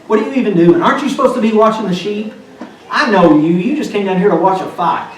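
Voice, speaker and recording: A man's voice: high-pitched, lively intonation, fast, a little hiss or hum. A man acting out an angry, scornful older brother in a sermon, scolding and dismissive. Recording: echoey room from far off.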